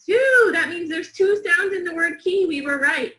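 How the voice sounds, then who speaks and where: A woman teaching young students a phonics lesson, slow, clear and encouraging, with call-and-response counting. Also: very high-pitched, pushed and bright, roomy sound, rough recording.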